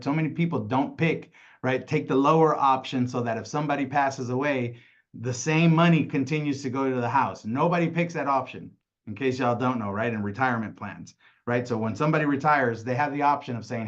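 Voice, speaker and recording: A man coaches a sales team in a loose, animated way. He laughs easily and ends almost every point with "right?". The audio is a bit dull and lo-fi. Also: medium pitch. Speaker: sales trainer. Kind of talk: casual training talk.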